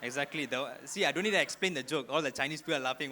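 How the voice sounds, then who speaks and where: Bright young Malaysian comedian on stage. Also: male voice, on the high side, quick pace, few pauses, a little hiss or hum. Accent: Malaysian English. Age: young adult. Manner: animated, punchy storytelling. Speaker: stand-up comedian. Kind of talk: stand-up comedy routine. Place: auditorium stage before a live audience.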